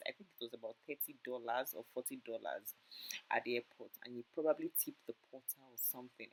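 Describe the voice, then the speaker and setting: A woman's voice: a bass voice, breathy edge, low-quality recording. A woman narrating her family's travel vlog in a casual, emotional way, often repeating herself. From Nigeria. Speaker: vlogger.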